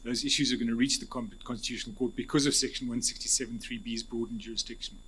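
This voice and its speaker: A South African man, an advocate, giving measured, formal answers at an interview panel, restarting phrases as he thinks. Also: mid-range voice, fairly even intonation, pushed and bright, slight background noise. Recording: husky, poor-quality hearing recording.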